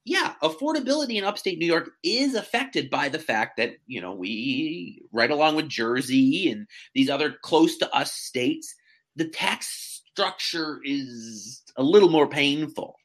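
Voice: medium pitch, big pitch swings, measured pace. A real estate agent chatting casually as a podcast guest, telling stories animatedly with many fillers and restarts.

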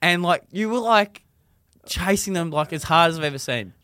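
A man co-hosting a podcast, telling a story in casual chat and loudly acting out the voices of the people in it. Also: a little high, normal speed, clear, resonant tone, no room sound, studio quality. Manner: animated, acts out quoted voices loudly. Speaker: podcast co-host.

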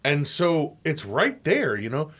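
A man on a sports talk show spins a rowdy story, his voice rising high and swinging widely as he acts out the people in it. He laughs through the telling and keeps the energy up. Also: huge pitch swings, slow pace, fairly bright tone. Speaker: sports radio co-host. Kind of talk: casual storytelling on a radio show.

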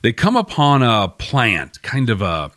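Young man, wry recap host, animated delivery, dry close mic. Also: medium pitch, a little slow, dry recording. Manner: wry, animated, chuckling asides. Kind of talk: casual episode recap.

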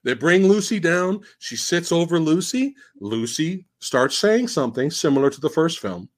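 A man hosting a casual podcast, mocking a film's plot in a profane, animated way as he retells it. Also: a little high, normal speed. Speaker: podcast host. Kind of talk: casual podcast film discussion.

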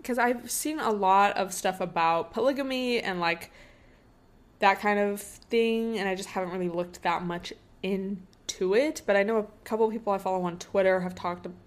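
A woman's voice: medium pitch, normal speed. A young woman hosting a casual solo podcast, thinking aloud in a rambling way with lots of fillers. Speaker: podcast host.

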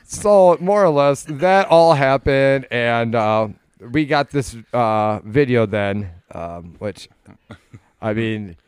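A podcast co-host spins a crude, meandering anecdote in loose, profane chat. His voice sits at an ordinary middle pitch. The sound is dry, with no room in it. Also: expressive, slow pace, clean tone, no echo. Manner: rambling, profane, full of fillers and restarts. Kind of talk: casual storytelling chat.

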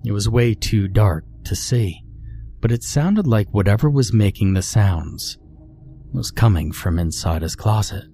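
A man narrating a scripted horror story in a slow, measured, brooding way. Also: lowish voice, animated, mellow, slight background noise.

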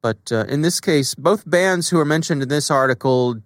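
A man's voice: a little high, moderate pace, no room sound, clean studio sound. A man co-hosting a podcast, chatting casually with frequent fillers about scams. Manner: relaxed, conversational with frequent fillers. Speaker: podcast co-host. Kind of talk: casual chat.

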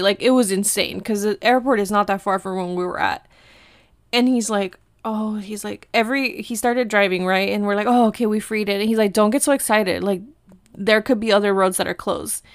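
A woman's voice: medium pitch, no echo, studio quality. A young woman from Mexico telling a travel story in a casual, chatty way, acting out what she and others said. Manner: chatty, animated, quotes herself and others.

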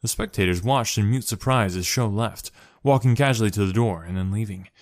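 A man reading a story aloud in steady narration, doing the characters' voices. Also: fairly low pitch, brisk, dry recording, clean studio sound. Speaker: story reader.

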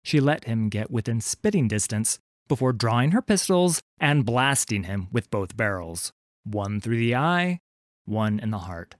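A man narrating a fantasy story in a measured, expressive audiobook style on a close studio mic. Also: mid-range voice, no room sound.

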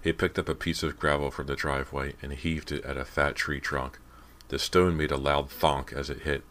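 A man reading a horror novel aloud as an audiobook narrator, in a measured, steady way. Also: very deep voice. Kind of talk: scripted narration.

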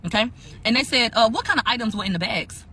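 A woman co-hosting a casual recap, retelling testimony in a profane, animated, ranting way. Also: fairly high pitch, fast, breathy edge, rough recording. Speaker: podcast co-host recapping court testimony.

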